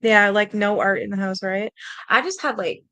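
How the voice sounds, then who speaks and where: Hosting a stream, this young adult woman tells a ghost story from her own life in a loose, rambling way, full of fillers and light cursing, her tone earnest and a little scared. She speaks in a mid-range voice at normal speed with a sharp edge, and the recording has no echo.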